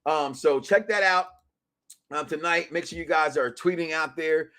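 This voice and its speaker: A man hosting a wrestling talk podcast, talking loosely in slang, jumping between excited shouts and muttered asides. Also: a little high, normal speed. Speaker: podcast host.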